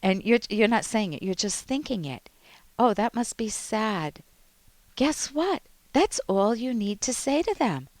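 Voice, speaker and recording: A woman psychologist hosting an advice radio show, explaining in a calm, instructive way. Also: a little high, moderate pace, no room sound.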